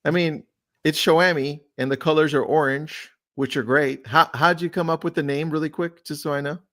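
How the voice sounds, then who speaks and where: A man's voice: on the high side, steady tone, normal speed, fairly bright tone. Upbeat chatty male host. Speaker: host, real estate agent. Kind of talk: casual webinar hosting.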